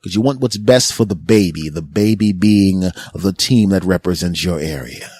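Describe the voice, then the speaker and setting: A man's voice: low-pitched, normal speed, darkish tone, no echo. A middle-aged man from Philadelphia hosting a podcast, telling a casual comedic story and mocking the people he quotes in put-on voices. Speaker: podcast host.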